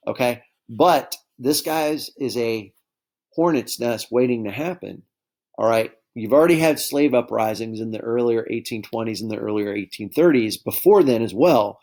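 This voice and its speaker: A man's voice: mid-range voice, moderate pace, darkish tone. Chatty male history teacher lecturing. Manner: conversational, keeps addressing students as guys with frequent okay and right checks. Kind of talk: classroom lecture.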